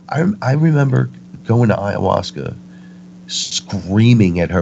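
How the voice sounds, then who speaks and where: A man, a guest on a spiritual talk show, telling stories with animated energy and acting out the voices he quotes. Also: fairly low pitch, measured pace, gravelly, slight background noise. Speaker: interview guest. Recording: muffled lo-fi recording.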